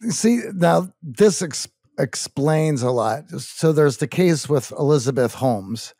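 Gravelly higher-voiced podcast co-host. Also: male voice, expressive, slow, dark tone, no room sound, studio quality. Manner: rambling, filler-heavy phrasing. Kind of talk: interview conversation.

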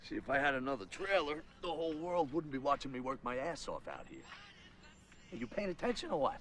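A man's voice: mid-range voice, sing-song, a little fast, fairly bright tone, soft background music. A man playing a vain, grumbling actor. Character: vain, grumbling male movie star. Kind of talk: film acting.

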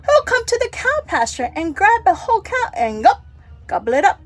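A woman telling a children's story aloud, acting out sound effects and character voices with lively expression. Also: very high-pitched, normal speed, faint music behind.

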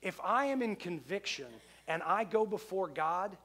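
A man's voice: sits high, lively intonation, moderate pace, bright, forceful tone. A middle-aged male pastor preaching a sermon in a conversational way, often repeating phrases for emphasis.

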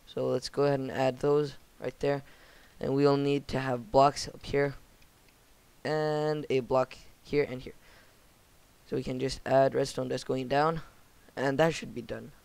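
A young man speaking in a monotone as he talks through a game building tutorial on his channel. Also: mid-range voice, unhurried, vocal fry, clean tone. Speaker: channel host.

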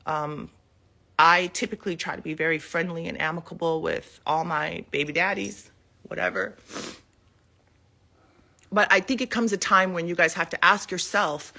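Bright, husky-voiced woman, emotional. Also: on the low side, steady tone, moderate pace, long pauses. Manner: emotional, defensive, rambling with many fillers. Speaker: mother addressing the public. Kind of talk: casual live video statement. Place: living room at home.

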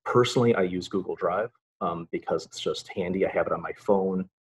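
A middle-aged college English instructor gives a laid-back webinar talk, chatty and packed with filler sounds and dry, sarcastic asides. His low voice moves a little quickly, and the poor audio has a slight hiss or hum.

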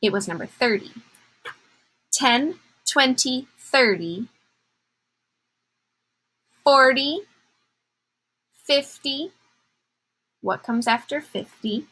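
A woman's voice: high-pitched, extremely slow, pauses often, bright, forceful tone, husky, low-quality recording. A woman teacher giving a patient math lesson to young children, counting aloud in a sing-song way.

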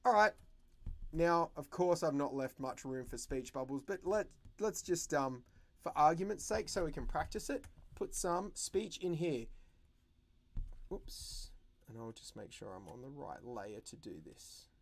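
A man hosting a drawing livestream for kids, talking in a playful, animated and jokey way as he teaches. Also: a little high, measured pace.

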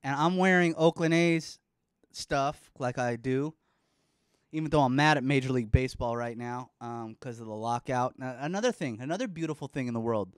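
Rambling and joking with some swearing, a thirty-something podcast host from the Bay Area, California, leads a casual chat show and slips into baby talk with his son. He has a smooth, medium-pitched voice at a moderate pace, with clean studio sound from a studio microphone and no echo.

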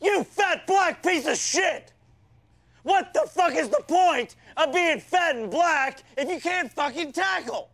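A man playing a foul-mouthed, hot-tempered football coach in a comedy sketch, yelling insults at his players. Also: very high voice, animated, slow pace, creaky, full character voice. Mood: ranting.

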